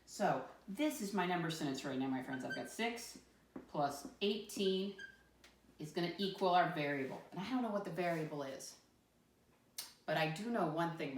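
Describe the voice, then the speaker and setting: A woman's voice: deep voice, lively intonation, slight background noise. Encouraging woman teaching first graders. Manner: encouraging, spells words out slowly letter by letter. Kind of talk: first-grade classroom lesson. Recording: echoey room, voice from a distance.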